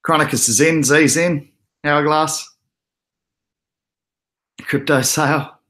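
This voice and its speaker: Reading the chat aloud and laughing often, a young Australian man keeps his crypto livestream relaxed and chatty. His voice is a little high and his pace slow.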